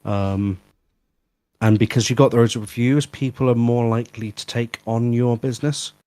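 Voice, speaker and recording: A man's voice: mid-range voice, steady tone, normal speed, dark tone, clean tone, no room sound. A man giving practical business advice in a casual live stream chat, with chatty fillers. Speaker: guest and fellow tradesman.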